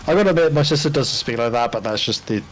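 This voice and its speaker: A man's voice: medium pitch, expressive, fairly quick, soft background music. A British man chatting casually on a hobby painting stream, swearing freely and laughing often. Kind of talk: casual chat on a live stream.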